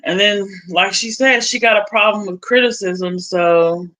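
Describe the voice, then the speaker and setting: Blunt, bright-voiced woman streamer. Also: medium pitch, measured pace, low-quality recording. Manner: blunt, profane, laughs often. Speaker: livestream host. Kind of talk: casual livestream chat.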